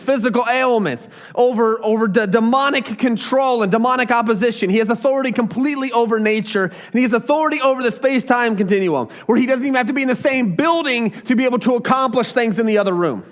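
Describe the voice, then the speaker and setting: A young man with a very high voice is preaching. His delivery is loose and conversational, and he slips into little acted voices when he quotes someone. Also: expressive, a little fast. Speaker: pastor. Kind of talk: sermon.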